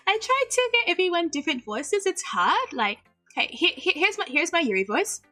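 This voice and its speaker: A woman's voice: extremely high pitch, sing-song, normal speed, few pauses, sharp tone, faint music behind. Bubbly, giggly woman streamer. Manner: bubbly, giggly, slips in Japanese phrases. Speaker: VTuber streamer. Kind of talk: casual livestream chat.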